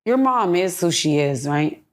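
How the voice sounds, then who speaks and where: A young woman venting in a candid podcast interview, blunt and full of profanity. Her voice sits a little low for a woman. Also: animated, unhurried. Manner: blunt, profane, heated ranting. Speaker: podcast guest.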